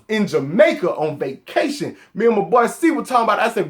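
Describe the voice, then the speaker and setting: A man from Atlanta with a Southern accent, casually counting down his favorite sneakers in a relaxed vlog and tagging "man" onto his lines with excited bursts. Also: high voice, fast, hardly any pauses. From Atlanta, Georgia. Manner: laid-back, peppers sentences with "man", excited bursts. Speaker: sneaker vlogger.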